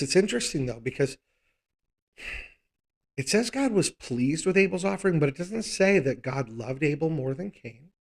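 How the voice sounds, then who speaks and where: A man teaching a live Bible study, conversational and thinking aloud, often checking in with rhetorical questions. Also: on the high side.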